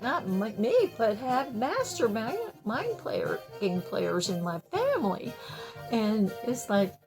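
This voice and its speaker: A woman's voice: fairly high pitch, slow, music in the background. Older woman telling rambling stories. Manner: animated, laughs often, rambling with restarts. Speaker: storyteller sharing memories. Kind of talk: casual personal storytelling.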